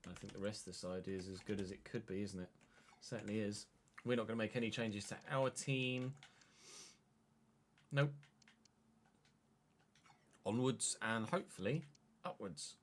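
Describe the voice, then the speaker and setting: A young livestreamer with a lowish voice, fairly even intonation and a moderate pace pauses often as he plays a football management game. His live commentary is casual, with swearing and replies to chat.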